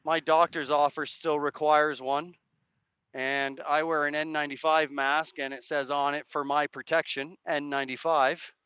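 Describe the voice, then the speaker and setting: Hoarse man streaming from a rally. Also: a little high, flat delivery, moderate pace, pushed and bright, no echo, dull audio. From Canada. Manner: rambling, hedging, chats to viewers' comments. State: hoarse, cracked voice. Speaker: live streamer. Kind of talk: casual live-stream commentary. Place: outdoors at a street rally.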